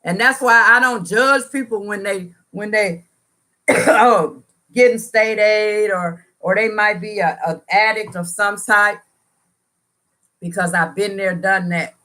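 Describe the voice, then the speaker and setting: Bright-voiced woman testifying live. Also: mid-range voice, slow. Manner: earnest and preachy, repeats phrases for emphasis; colloquial, slangy talk. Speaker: livestream host answering viewers. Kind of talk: casual live chat, motivational testimony.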